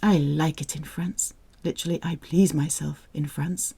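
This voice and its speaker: A woman teaching French, reading phrases out slowly, repeating them and cheering the listener on. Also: low voice, steady tone, gravelly, warm tone, husky. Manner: slow, repeats phrases, encouraging. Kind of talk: audio language drill.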